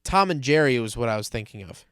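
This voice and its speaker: A man's voice: mid-range voice, expressive, fast, fairly bright tone, smooth, no room sound, clean studio sound. A young man co-hosting a podcast in a casual, chatty way, full of likes and asides. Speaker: podcast co-host. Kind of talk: casual chat.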